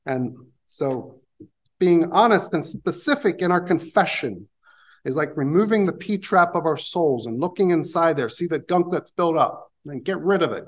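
A man preaching a sermon in a church, talking through scripture in a conversational way with pauses and restarts. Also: fairly high pitch, expressive, low-quality recording. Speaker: pastor.

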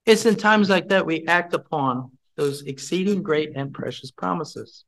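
A man's voice: on the high side, unhurried, vocal fry, hardly any pauses, fairly bright tone, low-quality recording. A man leading a Bible study, teaching from scripture, repeating his points and putting questions to the group.

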